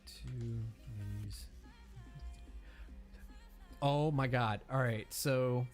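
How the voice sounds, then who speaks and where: Man, casual reaction commentary, rambling, swears, laughs often, soft music underneath. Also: medium pitch, extremely slow. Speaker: reaction video host. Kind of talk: casual commentary over video clips.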